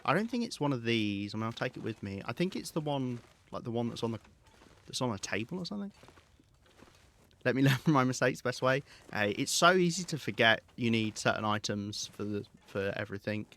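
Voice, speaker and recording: A man giving live gameplay commentary, rambling and thinking aloud with hesitant pauses. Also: mid-range voice, big pitch swings, a bit bright. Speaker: game streamer.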